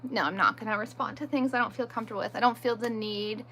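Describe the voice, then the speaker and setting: Speaking fast in a high, pushed, bright voice, this streamer is heard over a slight hiss or hum. She keeps up casual chatter, responds to viewer comments one after another, and teases herself. Pushy viewers get a firm reply.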